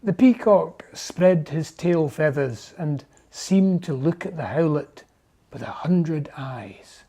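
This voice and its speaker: Slow, mellow storybook narrator. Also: medium pitch, expressive. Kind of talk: storybook reading.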